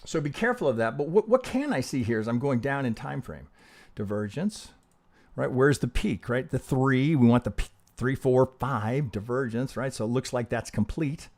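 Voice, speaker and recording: Animated and moderately paced, this man has a medium-pitched, darkish voice. He's a trading educator live-streaming chart reviews, cursing casually and asking rhetorical questions as he goes.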